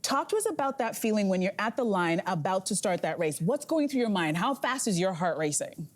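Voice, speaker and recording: A woman's voice: medium pitch, expressive, a little fast. A woman co-hosting a talk show, friendly and affirming as she asks her questions. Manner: friendly, with lots of short affirmations.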